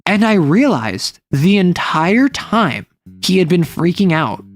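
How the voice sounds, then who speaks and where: A woman's voice: fairly low pitch, very animated, slow. Rambling woman streamer, faint music behind. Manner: rambling, filler-heavy, acts out quoted lines. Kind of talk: casual chat about romance stories.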